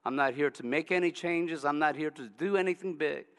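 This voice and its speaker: A man's voice: fairly high pitch, fairly quick, fairly bright tone, in a large hall. A man voicing a weary, ashamed village woman who despairs over her past and repeats herself, acted out during a sermon. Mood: despairing. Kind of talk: sermon storytelling.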